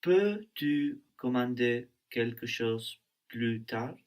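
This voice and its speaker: A man's voice: medium pitch, lively intonation, takes it slowly, a little mellow. A man answering as a student in a language lesson, careful and a little hesitant.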